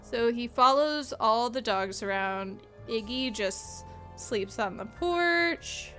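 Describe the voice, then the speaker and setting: Young woman rambling through a let's play, says like a lot, higher voice, quiet game music behind. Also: animated, takes it slowly. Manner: chatty, rambling, lots of "like". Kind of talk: casual gameplay commentary.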